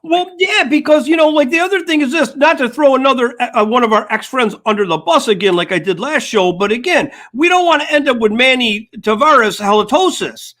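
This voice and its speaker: A man's voice: very high-pitched, a little fast, hardly any pauses, a bit bright. An older man co-hosting a casual sports talk show, telling rambling stories and acting out quoted dialogue. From United States. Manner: storytelling, acts out quoted dialogue. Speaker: podcast co-host. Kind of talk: casual chat.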